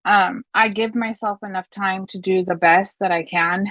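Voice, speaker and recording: A woman's voice: medium pitch, fairly even intonation, normal speed, fairly bright tone, low-quality recording. A middle-aged woman, a funeral director, telling stories in casual podcast talk, acting out quotes and swearing freely.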